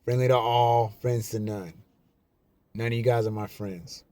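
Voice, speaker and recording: A man vlogger giving a casual, emphatic monologue to camera, slowing down and repeating his key lines. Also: medium pitch, steady tone, dark tone, no echo. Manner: slow, repetitive, emphatic.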